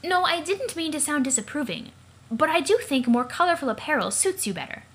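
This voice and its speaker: A woman's voice: high voice, animated, a little fast, a bit bright, voice pushed up. A woman voicing a prim young woman who speaks formally and precisely, for a let's play of a comic. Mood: polite.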